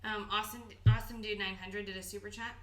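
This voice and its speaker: A woman's voice: mid-range voice, fairly even intonation, fast. A young woman co-hosting a casual livestream and reading out viewer questions in a dry, teasing way.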